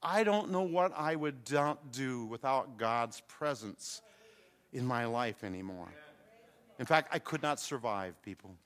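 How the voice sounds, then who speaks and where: A man's voice: medium pitch, animated, a little slow, a bit bright. An older man preaching a sermon to a congregation, calling out to them with rising fervor. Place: church hall with congregation. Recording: long hall reverb.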